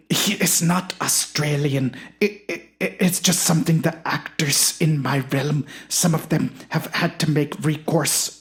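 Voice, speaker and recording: A co-host giving dry, understated remarks in comedy podcast banter. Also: mid-range voice.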